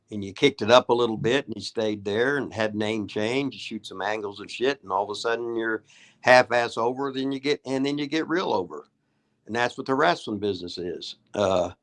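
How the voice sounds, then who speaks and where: Here a retired wrestler in his later years hosts a show, chatting casually through folksy, wandering stories with cursing and laughter. He has a mid-range, fairly bright-toned voice.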